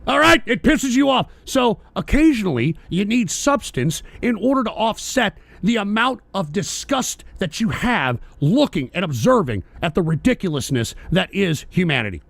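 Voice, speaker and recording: A high-voiced, gravelly man hosting his own radio show, ranting about politics with plenty of swearing. His pitch swings widely as he flares up and repeats his points, and the sound is dry and close. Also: very animated, moderate pace, hardly any pauses, dry recording. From United States. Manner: heated, swearing, repeats himself. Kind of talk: profane political rant.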